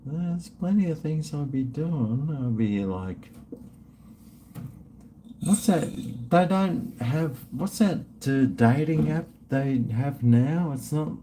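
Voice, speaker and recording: A middle-aged man drawls slowly through a casual livestream, mumbling and drifting off mid-thought. He swears freely and sips drinks between super chats, with faint noise in the background. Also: a little high, lively intonation, mellow. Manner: rambling, mumbling, trails off, swears often. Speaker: livestream host.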